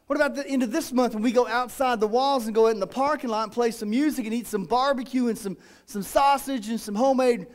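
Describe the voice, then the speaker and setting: A pastor preaches with a high, light voice for a man. He speaks in an animated, dramatic style and often acts out the voices of his congregation. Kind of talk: sermon.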